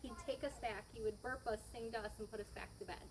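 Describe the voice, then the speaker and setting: A middle-aged woman shares fond family stories at a gathering, chatty and quick to laugh as she wanders between memories. Her voice sits a touch high, and steady noise hums beneath her in the recording. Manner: chatty, laughs often, rambling storytelling. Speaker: family member giving a tribute. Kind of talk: heartfelt spoken tribute at a family gathering. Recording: noisy background.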